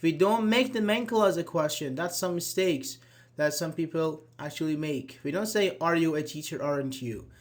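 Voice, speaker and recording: A male English teacher with a somewhat high voice teaches a grammar class at normal speed. He explains patiently, acts out example sentences and says "uh-huh" a lot.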